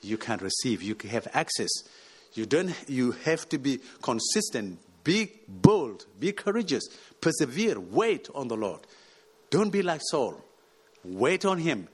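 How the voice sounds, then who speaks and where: A man's voice: medium pitch, sing-song, a little slow, slightly rough. A man from South Sudan preaching a sermon, pressing his points with rhetorical questions and rising exhortations. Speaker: pastor.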